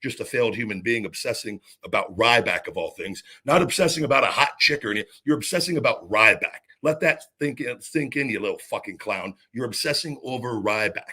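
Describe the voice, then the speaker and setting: A man's voice: medium pitch, brisk, hardly any pauses, sharp tone, husky. Angry, profane male podcast host. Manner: angry, profane, repetitive restarts. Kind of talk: ranting monologue.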